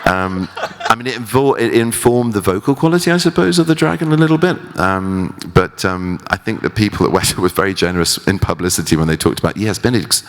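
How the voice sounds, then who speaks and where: A man in his forties, an actor guest on stage, telling career stories in an animated way and acting out the voices of people he quotes. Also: on the low side, quick pace, in a large hall. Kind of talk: onstage career conversation.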